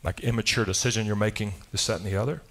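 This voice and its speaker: A man's voice: lowish voice, fairly even intonation, racing, fairly bright tone. A man preaching a sermon in a loose, conversational style, often restarting his sentences and asking rhetorical questions. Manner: loose delivery with frequent restarts. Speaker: pastor. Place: church service.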